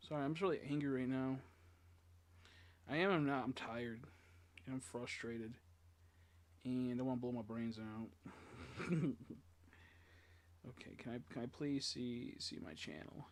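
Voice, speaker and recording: A man streaming a video game live, muttering to himself as he plays, swearing a lot and breaking into frustrated shouts. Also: medium pitch, a little slow, pauses often. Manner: mutters and talks to himself while playing. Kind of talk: live gameplay commentary.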